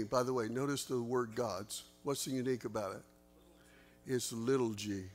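A man's voice: medium pitch, steady tone, moderate pace, darkish tone, soft background music. A man, a pastor teaching a Bible study in an earnest, conversational way, his voice leaping up for emphasis. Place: church.

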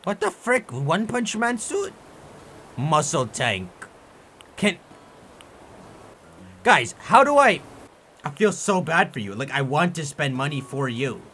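A young man giving let's play commentary, with excitable and exaggerated frustrated rants. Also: a little high, slow, pauses often, a little hiss or hum. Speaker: gaming YouTuber.

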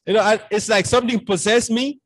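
High-voiced Cameroonian man telling a dramatic story. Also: steady tone, fast, a bit bright, no room sound. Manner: dramatic storyteller, acts out his own past dialogue. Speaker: podcast guest. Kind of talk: storytelling in casual conversation.

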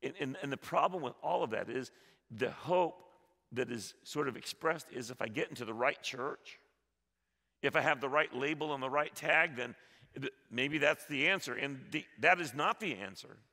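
A male pastor preaching a sermon, swinging between loud appeals and soft, hushed passages, often repeating his words. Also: mid-range voice, animated, measured pace, vocal fry, in a large hall. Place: church sanctuary.

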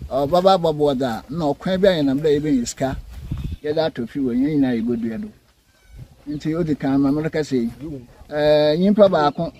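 Halting Ghanaian man with a mellow voice. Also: fairly high pitch, a little hiss or hum, rough recording. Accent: Ghanaian Fante. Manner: halting, with many fillers and restarts. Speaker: community member. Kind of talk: speaking to a local news camera.

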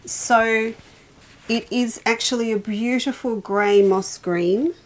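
An enthusiastic middle-aged woman talks through fabrics on a casual quilt shop show. She sounds chatty and excitable, often breaking off mid-thought before picking the sentence back up. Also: on the high side, slow pace. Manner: chatty, enthusiastic, self-interrupting. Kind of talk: casual product show-and-tell.

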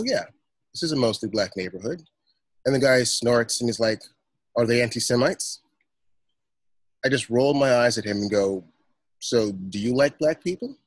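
A man's voice: mid-range voice, slightly rough, dry recording, lightly acted. A man reading aloud as an exasperated young male driving-school worker, telling an indignant story and quoting the people in it.

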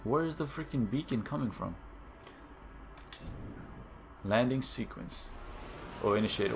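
A man's voice: mid-range voice, normal speed, gravelly, slight background noise. A young man casually commenting on his own gameplay, exclaiming and gasping often as he explores. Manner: excitable, gasps and exclaims often. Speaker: gaming channel host. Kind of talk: casual let's-play commentary.

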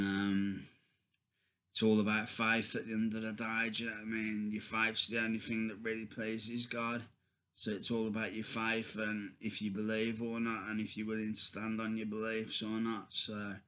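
Man, low voice, flat delivery, slow, hesitant, casual vlog chat. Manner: slow, halting, many ums and restarts; addresses viewers as guys. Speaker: vlogger.

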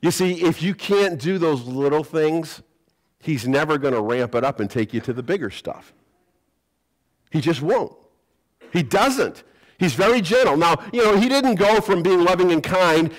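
A man preaches to his congregation with an animated storytelling manner. He acts out little quoted voices and jokes along the way. His voice sits a touch higher than most men's. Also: poor audio. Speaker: pastor. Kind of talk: sermon. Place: church sanctuary.

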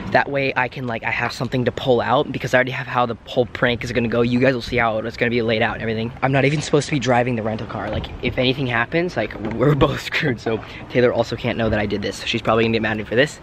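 A young man vlogging to a handheld camera, excited and rambling with lots of filler words, moving between a car, shops and a holiday room. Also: mid-range voice, background noise. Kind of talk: casual vlog to camera.

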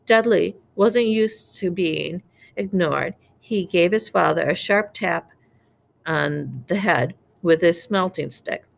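A woman reading a novel aloud, low-pitched with a gravelly fry. Her delivery is plain and unpolished, and she trips over the odd word. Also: slow pace. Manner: unpolished, stumbling over words. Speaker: reader.

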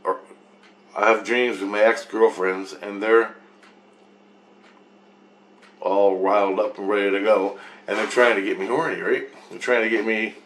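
Man, lowish voice, rambling first-person account, profane, circles back on the same phrases. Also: level tone, a little slow, long pauses, fairly bright tone.

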